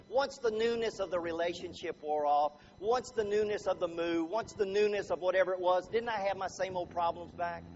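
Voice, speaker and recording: Male motivational speaker with a high voice, joking and polling a live room, dull recording with faint hiss. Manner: chatty, quizzes the crowd with show-of-hands questions. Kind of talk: humorous live talk to an audience.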